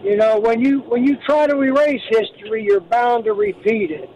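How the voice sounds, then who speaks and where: A man's voice: very high-pitched, moderate pace, darkish tone, lo-fi sound. A man from Pennsylvania, a truck driver, calling in to a radio show from the road, talking earnestly with stumbling restarts. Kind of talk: phone-in call. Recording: call from a moving truck, faint road noise.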